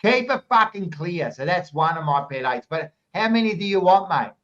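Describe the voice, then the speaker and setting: High-voiced Australian man ranting and swearing. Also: animated, normal speed, a bit bright. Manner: heated ranting, heavy swearing. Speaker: podcast co-host. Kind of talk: casual panel chat. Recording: dull lo-fi recording.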